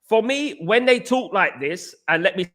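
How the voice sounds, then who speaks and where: A man's voice: sits high, lively intonation, moderate pace, a bit bright. A man hosting a football fan channel, talking casually and animatedly to viewers, repeating himself and calling them guys. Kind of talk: casual football chat livestream.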